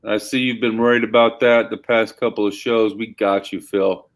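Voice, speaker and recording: A man co-hosting a live shopping show, pitching comic books with hyped, emphatic salesman patter. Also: steady tone, normal speed. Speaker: co-host selling comics.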